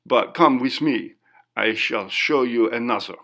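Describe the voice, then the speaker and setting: A man's voice: mid-range voice, unhurried, sharp tone. A man voicing a stern, protective French head waiter who speaks broken English with a French accent.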